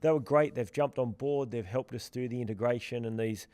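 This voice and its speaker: A man co-hosting a casual podcast, his talk loose and rambling, full of restarts. His voice sits at an ordinary middle pitch. The recording is close and dry, with no room sound. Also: a little fast, dry recording. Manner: relaxed, rambling with many restarts and fillers. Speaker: podcast co-host from the platform's team.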